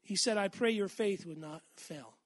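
A man's voice: sits high, moderate pace, no room sound. A man preaching an earnest, emphatic sermon, calling out to the congregation for amens.

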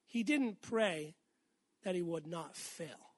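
A man's voice: high voice, expressive, slow. A man preaching an earnest, emphatic sermon, calling out to the congregation for amens.

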